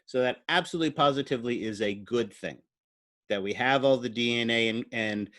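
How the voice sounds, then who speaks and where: A man's voice: medium pitch, brisk, a bit bright, no echo, studio quality. A man giving a recorded university biology lecture. He explains step by step while drawing, thinks aloud, and asks the class playful questions.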